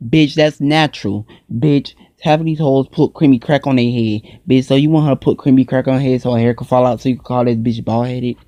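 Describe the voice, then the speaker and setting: A man's voice: medium pitch, steady tone, fairly quick, hardly any pauses, mellow, no room sound, dull audio. A man hosting a casual reaction video, talking back at a clip with profane mock outrage.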